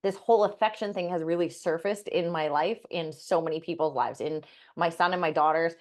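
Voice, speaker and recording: A middle-aged woman with a fairly low voice tells a personal story on a podcast. She talks casually and candidly, swears without hesitation and leans on "like" as she goes. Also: fairly quick. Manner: candid, swears freely, frequent "like" fillers. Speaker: podcast co-host.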